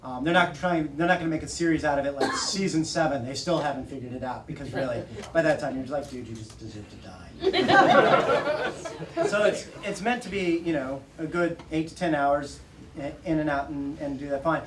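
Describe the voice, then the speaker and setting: A man with a slightly high voice tells stories to a bookstore audience, laughing often and acting out the lines of other people. The recording is roomy and distant, with light hiss. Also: lively intonation, normal speed. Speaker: author at a bookstore talk. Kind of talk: casual storytelling to an audience. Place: bookstore event room. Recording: roomy audio from far off.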